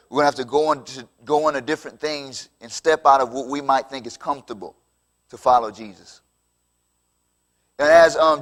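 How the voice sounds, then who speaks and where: A man's voice: on the high side, a bit bright. A man preaching a conversational sermon, acting out the dialogue of the story. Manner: conversational, acts out biblical dialogue.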